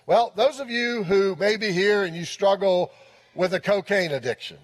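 A man with a notably high voice preaches earnestly from the pulpit, circling back to repeat his key lines. His words ring out with a long reverb through a large church sanctuary. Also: moderate pace. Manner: earnest preaching with frequent repetition of key phrases. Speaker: pastor. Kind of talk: sermon.

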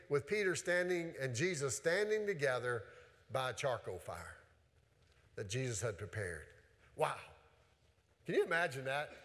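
Earnest preacher in an echoing hall. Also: male voice, a little high, a bit bright. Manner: earnest, with frequent restarts and rhetorical questions. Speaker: pastor. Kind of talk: sermon. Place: church sanctuary. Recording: church hall with long reverb.

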